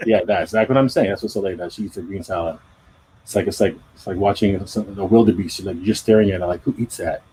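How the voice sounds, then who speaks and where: A man's voice: low voice, quick pace, warm tone, a little hiss or hum, poor audio. A middle-aged man chatting casually on a live drawing stream, rambling and self-deprecating. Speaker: comic artist hosting a live drawing stream. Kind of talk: casual chat.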